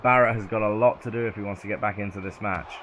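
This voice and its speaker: Southern English male commentator with a lowish voice and loud game sound behind him, who gets excitable and shouts at near-falls. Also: quick pace, noisy background.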